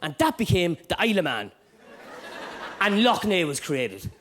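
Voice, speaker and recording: A man from Dundalk with an Irish accent doing a stand-up routine, animated and sweary, with shouty bursts, recorded live in a club. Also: sits high, normal speed, a little hiss or hum. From Dundalk, Ireland. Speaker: stand-up comedian.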